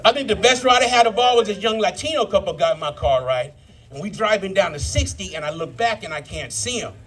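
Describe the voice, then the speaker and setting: Fifty-something guy doing standup, high voice, cussing a lot and talking to the crowd. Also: animated, quick pace, fairly bright tone, a little hiss or hum. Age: 50s. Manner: profane, crowd-working storyteller. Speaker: stand-up comedian. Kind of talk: live stand-up set. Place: live brew pub comedy show.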